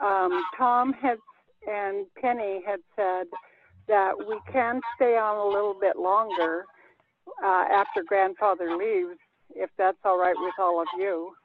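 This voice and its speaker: A woman's voice: mid-range voice, fairly even intonation, measured pace. A woman leading a group language class over a video call, explaining patiently and step by step. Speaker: language teacher. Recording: dry, phone-like video call audio.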